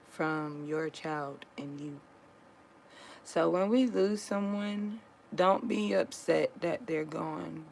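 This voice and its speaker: Slow, gravelly-voiced woman speaking earnestly. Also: low-pitched, a little mellow, a little hiss or hum, low-quality recording. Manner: earnest, comforting, reflective, with pauses and restarts. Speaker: vlogger sharing a personal story. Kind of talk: casual talk to viewers.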